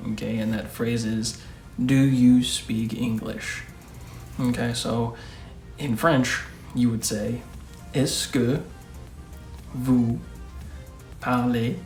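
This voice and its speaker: A man hosting a casual lesson who speaks patiently and repeats each phrase slowly. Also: mid-range voice, creaky. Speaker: language teacher, channel host. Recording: echoey room with faint music.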